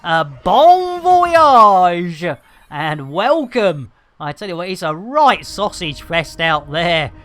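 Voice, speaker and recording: A man's voice: on the high side, animated, a little slow, hardly any pauses, a bit bright. A man livestreaming a space game, chatting casually with viewers in a cheeky, playful way and full of hammy exclamations. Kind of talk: casual chat with chat shout-outs. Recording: faint game music behind.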